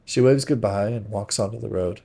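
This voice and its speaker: A man reading a first-person novel aloud on a stream, measured and dramatic, often sinking to hushed tones. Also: lowish voice, vocal fry, slightly rough.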